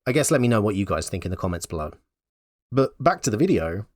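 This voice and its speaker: A man's voice: lowish voice, very animated, quick pace, no room sound, clean studio sound. A man giving blunt, wry opinion commentary in a conversational way. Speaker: YouTube commentator.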